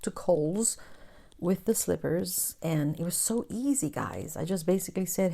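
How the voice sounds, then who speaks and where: Unhurried and warm, a woman with a lowish voice and some vocal fry hosts a crafting channel. She chats casually while crafting, tells stories, calls her viewers "guys," and sometimes drops into a whisper.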